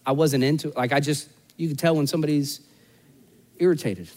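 A pastor delivers a sermon in a relaxed, chatty way, poking fun at himself as he tells a story. His voice sits high for a man. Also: fairly quick. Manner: conversational storytelling with self-deprecating humor.

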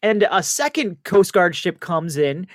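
A man's voice: high voice, unhurried, no room sound, studio quality. A man co-hosting a casual radio show, telling a wild news story with lots of energy and putting on voices for the people in it. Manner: animated storyteller, puts on voices for quoted people. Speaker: radio co-host.

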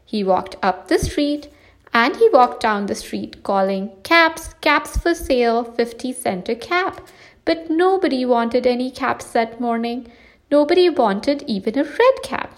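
A woman reading a children's picture book aloud, slow, deliberate and expressive. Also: high voice. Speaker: storyteller. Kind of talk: children's storybook read-aloud.

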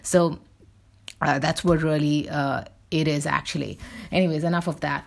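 Rambling, creaky-voiced woman podcaster. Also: sits low, steady tone, normal speed. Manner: rambling, full of fillers and tangents. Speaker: podcast host. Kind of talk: casual rambling monologue.

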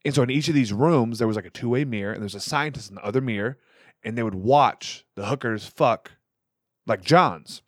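A man's voice: medium pitch, fairly quick, dry recording, clean studio sound. A young man co-hosting a podcast, telling long rambling stories in casual, profane chat. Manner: animated storyteller, profane and rambling. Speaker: podcast co-host. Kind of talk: casual conversation.

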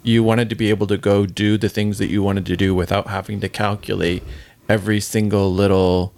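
A man with a fairly low voice co-hosts a podcast. He asks questions and then gently recaps the story in his own words. His tone stays conversational and supportive. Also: flat delivery, fairly quick, gravelly, dry recording. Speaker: podcast co-host asking questions.

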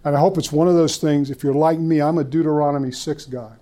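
A man's voice: fairly high pitch, fairly even intonation, fast talker, mellow. An older man giving a folksy, rambling church teaching talk to a room of people, with stories, restarts and repeated words. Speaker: speaker at a church conference.

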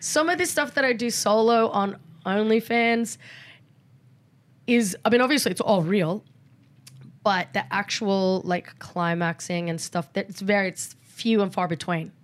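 A woman's voice: medium pitch, a little slow. A middle-aged woman, a podcast guest talking candidly and acting out quoted exchanges in a casual interview.

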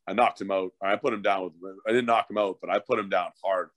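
Deep-voiced, profane storytelling man. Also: fairly even intonation, fast, fairly bright tone, no room sound. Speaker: former hockey fighter turned coach. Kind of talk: casual podcast storytelling.

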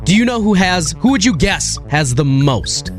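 Excitable, animated morning radio man. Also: high-pitched, normal speed. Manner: animated, excitable, thinks aloud with fillers. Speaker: radio show co-host. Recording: music bed under the voice.

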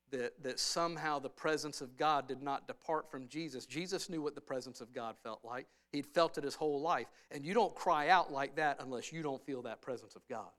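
Bright-voiced preacher. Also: male voice, medium pitch. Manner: conversational preaching that swings from hushed to loud and emphatic. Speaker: pastor. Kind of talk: sermon. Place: church sanctuary.

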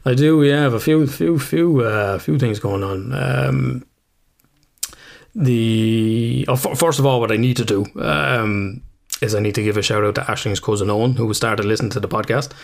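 A man's voice: mid-range voice, normal speed, gravelly. A man with an Irish accent, co-hosting a casual podcast chat, rambling, swearing freely and laughing at himself. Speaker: podcast co-host.

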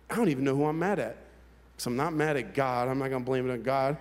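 A man preaching to an audience in a large hall, his voice trailing off into a long reverb. He sits mid-range in pitch and talks in a candid, conversational way, often restarting his sentences as he tells his own story. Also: quick pace. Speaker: pastor. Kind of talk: personal testimony sermon.

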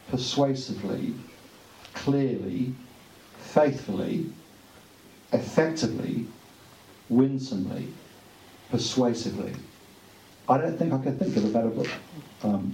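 A man giving an earnest, conversational speech at a book launch, pausing with fillers. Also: medium pitch, mellow, a little hiss or hum. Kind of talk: informal speech to an audience. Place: room at a book launch event. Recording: echoey room, distant mic, faint ambience.

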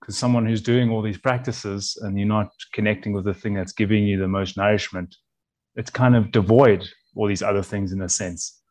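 A man who works as a chef, talking as a guest on a relaxed podcast in a fairly low voice. He speaks earnestly and rambles, often breaking off and restarting his sentences as he thinks. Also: moderate pace. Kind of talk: casual conversational interview.

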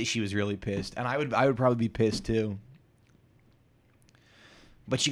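A man in his thirties hosting a solo podcast, rambling crudely and self-deprecatingly with many halting restarts. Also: fairly low pitch. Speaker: podcast host.

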